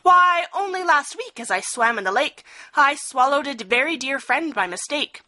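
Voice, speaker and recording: A woman's voice: high-pitched, expressive, normal speed, pushed and bright, voice pushed up. A woman playing a crafty creepy old crocodile. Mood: sly. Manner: sly, smooth-talking.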